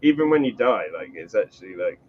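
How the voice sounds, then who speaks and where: A man's voice: on the low side, lively intonation, quick pace, muffled recording, a crowd in the background. A man guesting on a livestream, chatting casually and swearing freely with an easygoing manner. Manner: easygoing, swears freely, laughs at his own stories. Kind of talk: casual chat.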